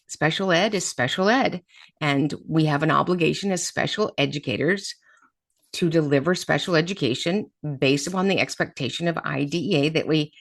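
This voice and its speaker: Low, gravelly woman host talking straight. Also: dry recording. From Florida. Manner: direct, emphatic straight talk. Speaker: podcast host and special education advocate. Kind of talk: casual storytelling podcast.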